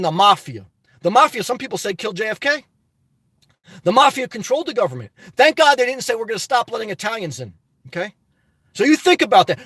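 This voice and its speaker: A man's voice: very high-pitched, a bit bright, no room sound. A man reading chat on a phone live stream, talking politics in an emphatic casual way. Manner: emphatic, repeats "okay?" and "good job".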